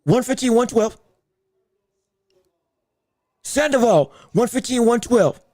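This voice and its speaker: Male livestream host with a very high, dry, close-miked voice. Excitable fight commentator who repeats himself and shouts at big moments. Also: slow pace, no echo. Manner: greets viewers from the live chat. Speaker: podcast host reacting to a boxing decision on a livestream. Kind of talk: live fight commentary and chat.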